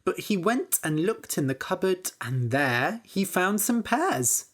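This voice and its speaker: A woman narrating a simple story for English learners, clear and deliberate. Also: fairly low pitch, big pitch swings. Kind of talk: slow scripted story narration.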